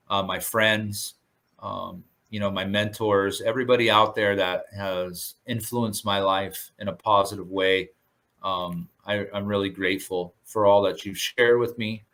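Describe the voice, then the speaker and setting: A surf instructor man talks in a casual interview. His voice sits a bit low but rings bright and forceful. He sounds earnest and grateful, stumbling through fillers and restarts. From Southern California.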